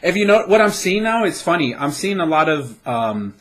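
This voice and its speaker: A man's voice: a little high, big pitch swings, moderate pace. A man from the United States co-hosting a casual webcam chat show, rambling and swearing freely. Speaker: co-host. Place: home webcam setup.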